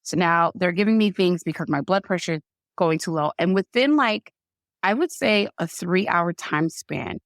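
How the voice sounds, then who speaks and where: A woman's voice: lowish voice, lively intonation, moderate pace, no room sound, clean studio sound. A woman in her thirties telling her own birth story on a podcast, talking casually with many fillers and acting out what others said to her. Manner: conversational, many fillers, quotes others in shifting voices. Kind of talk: emotional personal storytelling.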